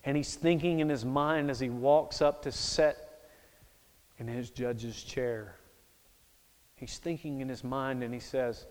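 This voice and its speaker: A male preacher delivering a sermon as a dramatic story, swinging from hushed to loud. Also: medium pitch, steady tone, a little slow, pauses often. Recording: echoey hall.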